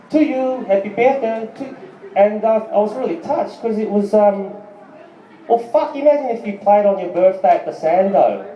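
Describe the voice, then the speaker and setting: A man's voice: sits high, a little hiss or hum. A man from Australia, doing a rambling, profane stand-up set with lots of ums and asides to the crowd. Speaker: stand-up comedian and band musician. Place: small live music venue. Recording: far-off lo-fi recording in an echoey venue.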